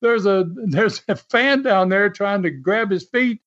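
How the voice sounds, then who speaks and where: A man's voice: high voice, unhurried, fairly bright tone. A man as an interview guest, telling a story in a casual, chatty way and laughing often. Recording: dull lo-fi sound.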